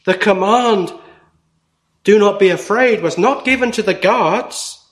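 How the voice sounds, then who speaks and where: Guy preaching a sermon real slow, higher voice, leans on each phrase. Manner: slow, deliberate preaching with emphatic pauses.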